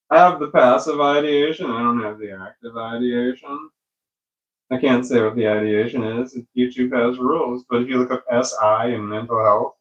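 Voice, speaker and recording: A middle-aged man at home speaks into his phone camera's small external microphone in a mid-range, fairly bright voice. His vlog is casual, rambling and profane, and he keeps losing his thread; the recording has its high frequencies cut off.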